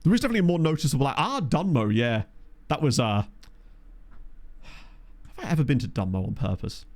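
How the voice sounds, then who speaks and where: A man with a soft Essex accent chats loosely with his live-stream viewers, wandering off on jokey tangents. His pitch rises and falls in a lively way. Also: fairly quick. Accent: soft Essex home counties English. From Essex, England. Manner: rambling, jokey, chatting with viewers. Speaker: streamer playing a management game. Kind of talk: casual live-stream chat.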